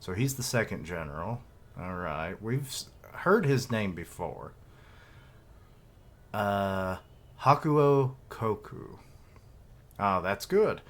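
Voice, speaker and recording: Low-voiced, slow-talking male streamer. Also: expressive, a bit bright. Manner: rambling, joking, reads dialogue aloud. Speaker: streamer reacting to a comic chapter. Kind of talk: casual live reaction stream.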